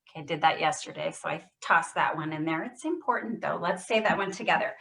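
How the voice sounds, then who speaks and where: A woman speech therapist leading a voice exercise class over a video call, modelling short phrases loudly and stressing every single word. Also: medium pitch, expressive, moderate pace, distant mic, poor audio. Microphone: computer mic on video call.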